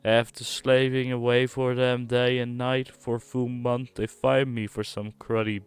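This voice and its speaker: A man's voice: medium pitch, level tone, measured pace, smooth, close to an everyday voice. A man putting on a grumbling British barfly. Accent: put-on British-style accent. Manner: grumbling, rueful storytelling. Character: down-on-his-luck male barfly with a put-on accent. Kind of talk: streamer reading game lines aloud.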